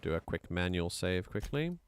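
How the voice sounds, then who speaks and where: A man with a South African accent giving casual, excitable commentary while streaming a video game. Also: low voice, moderate pace, soft background music. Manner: excitable, chatty, laughs often.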